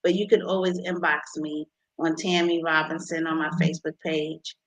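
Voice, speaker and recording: A woman being interviewed about her invention, talking with many pauses and restarts. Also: low-pitched, flat delivery, low-quality recording. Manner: halting, many ums and restarts. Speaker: inventor guest.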